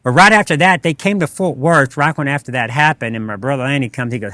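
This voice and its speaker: A Texan-accented restaurant co-owner tells rambling anecdotes on a podcast, full of fillers, and acts out the dialogue in a casual storytelling interview. His voice is medium-pitched, fast, bright, and forceful, with no echo.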